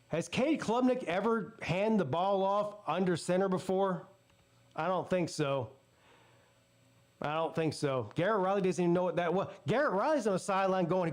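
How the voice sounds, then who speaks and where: A man's voice: high-pitched, lively intonation, normal speed. A man hosting a live football watch party, casually ranting and telling stories with plenty of swearing. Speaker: sports channel host. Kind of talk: live game watch-party commentary and storytelling.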